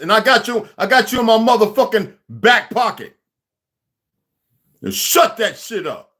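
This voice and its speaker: Guy going off on a livestream, loud cussing rant, high voice that jumps all over. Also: big pitch swings, a little slow, long pauses. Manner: aggressive, profane, confrontational. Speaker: livestream host.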